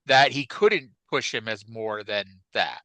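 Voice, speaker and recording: Lively, bright-voiced podcast co-host man. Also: on the low side, measured pace, dry recording, rough recording. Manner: chatty, rambling, with fillers. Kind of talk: casual chat.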